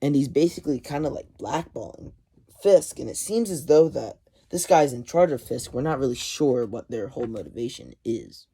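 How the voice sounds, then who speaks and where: A man's voice: mid-range voice, moderate pace, husky. A man casually recapping a comic issue, retelling scenes animatedly and quoting characters. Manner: animated retelling with quoted lines and chuckles. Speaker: comic book reviewer.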